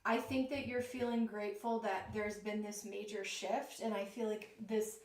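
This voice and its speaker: A woman giving a live-streamed tarot reading in a slow, soothing, reassuring way, tired from jet lag. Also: mid-range voice, little pitch movement, darkish tone. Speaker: tarot reader. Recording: echoey room with clear background noise.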